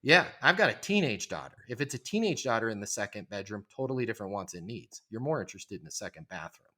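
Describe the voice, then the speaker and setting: A middle-aged man talks with a forceful, emphatic drive on a podcast interview. He coaches like a trainer, slipping into quick quoted voices to act out phone calls. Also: fairly low pitch, very animated. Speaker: leasing trainer, podcast guest. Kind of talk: energetic podcast interview talk.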